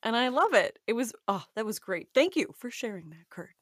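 Female co-host, playful joking chat, bright high voice, dry close recording. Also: very animated, fairly quick, dry recording. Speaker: podcast co-host. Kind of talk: casual chat.

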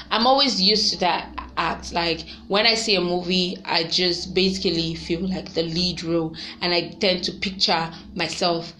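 A young woman chatting casually to her viewers, lively and quick to laugh. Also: mid-range voice, a little hiss or hum. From Nigeria. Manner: chatty and animated, laughs often, sings snatches of songs. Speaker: vlogger. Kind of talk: casual vlog chat.

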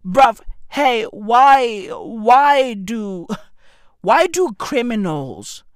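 A man doing a profane comedic rant in a mock-outraged tone, shouting at times. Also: very slow, clean tone, no room sound. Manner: animated, swearing, exaggerated mock outrage, repeats "bruv"; breaks into shouts and squeaky high-pitched bursts.

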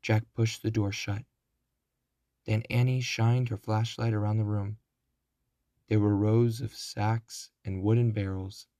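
Male narrator for a kids' chapter book, unhurried, dry close mic. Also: fairly low pitch, level tone, mellow, no echo. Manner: slow, deliberate. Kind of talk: children's storybook reading.

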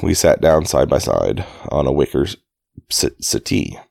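A man's voice: a bass voice, very animated, normal speed, gravelly, a little mellow, dry recording. A man reading a novel aloud in a dry, casual way, fixing slips and breaking off for chatty asides. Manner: dry, self-correcting, stops to comment on his own reading. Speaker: reader of a novel.

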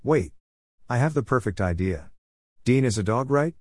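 A man's voice: mid-range voice, expressive, moderate pace, a little mellow, no echo, studio quality, lightly acted. A man reading the lines of a clever male pet who leads his friends in a storybook tale. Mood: planning. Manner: eager, bossy. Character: clever male pet leader, planning a rescue.

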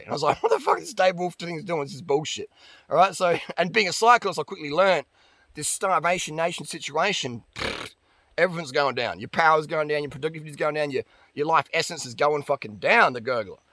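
A man's voice: fairly high pitch, fairly quick, bright, forceful tone, dry recording. A man ranting bluntly and profanely about dieting as a vlogger. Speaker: diet and fitness vlogger. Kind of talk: ranting monologue.

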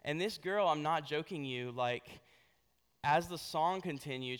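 A man's voice: on the high side, a bit bright, smooth. A young adult man giving a casual sermon as a pastor, telling a story and often checking in with "right?". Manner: conversational, asks "right?" often. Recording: long hall reverb.

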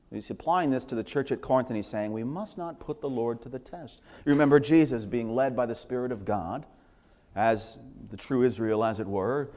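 A man's voice: medium pitch, darkish tone. A man preaching a sermon as pastor, impassioned and driving his points home with repeated phrases, in a church sanctuary. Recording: long hall reverb.

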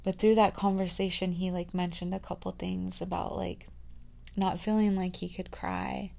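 A woman in her thirties hosting a podcast, talking through a rambling, confiding personal monologue full of fillers, dropping to a hush and then rising loud. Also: on the low side, little pitch movement, moderate pace, gravelly. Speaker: podcast host.

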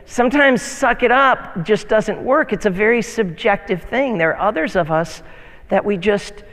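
Lively high-pitched preaching man in a reverberant hall. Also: moderate pace. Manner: animated preaching with mocking whiny voices for quoted complainers. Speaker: pastor. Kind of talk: sermon. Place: church sanctuary.

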